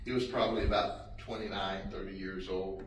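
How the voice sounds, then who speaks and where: A man's voice: low voice, moderate pace. A man telling a folksy, chuckling story to an audience at a community event. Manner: folksy, chuckling, lively delivery. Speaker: sheriff speaking at a community event. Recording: echoey, distant, noisy room.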